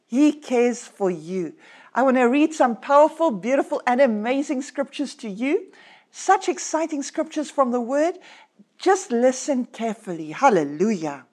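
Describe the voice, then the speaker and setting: Woman pastor, podcast sermon, earnest and emphatic, higher-pitched voice. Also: a little mellow. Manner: earnest, emphatic, slows down to stress words. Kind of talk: podcast sermon with scripture reading.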